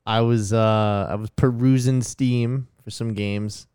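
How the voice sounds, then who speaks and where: Male podcast co-host, smooth voice, dry wry humor. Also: on the low side, fairly even intonation, takes it slowly, a little mellow, no echo. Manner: wry, joking asides. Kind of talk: casual group chat.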